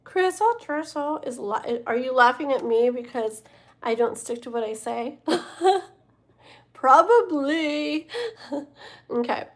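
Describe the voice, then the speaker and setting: A woman's voice: fairly high pitch, lively intonation, slow pace, long pauses. A woman hosting a late-night livestream as a tarot reader, chatting casually with her viewers in a rambling way and sounding tired. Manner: chatty and rambling, talking to viewers in chat, many fillers and self-corrections. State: tired and yawning.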